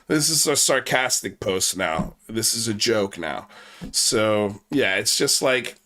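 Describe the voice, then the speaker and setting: A man's voice: lowish voice, lively intonation, takes it slowly, sharp tone. A man hosting a casual commentary stream, mocking and profane as he talks. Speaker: host.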